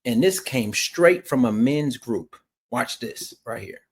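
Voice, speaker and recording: A man's voice: mid-range voice, animated, slow pace, husky. A man hosting a reaction video, lecturing the viewer emphatically and repeating his points. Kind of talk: reaction commentary.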